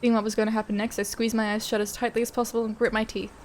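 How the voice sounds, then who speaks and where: A woman's voice: on the high side, level tone, very fast, a little mellow, slight background noise. Young woman streamer reading aloud. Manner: laughs often, swears, chatty asides. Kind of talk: reading a visual novel aloud with commentary.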